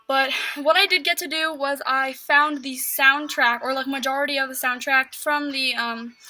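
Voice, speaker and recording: A woman's voice: high-pitched, steady tone, moderate pace, pushed and bright, a little hiss or hum, rough recording. A teenage girl vlogging a casual story at home, rambling with lots of fillers. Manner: rambling, filler-heavy with constant "like".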